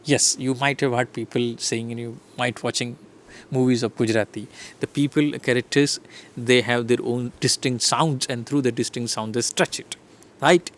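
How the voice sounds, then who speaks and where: A man's voice: medium pitch, steady tone, normal speed, slight background noise. A middle-aged man gives a recorded lecture, explaining slide by slide and checking in with "right?" and "fine". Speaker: English lecturer.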